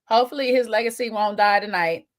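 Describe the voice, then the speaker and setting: A woman's voice: mid-range voice, fast talker. A woman, co-hosting a casual chat show, talking to viewers while eating, with teasing asides. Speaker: podcast co-host.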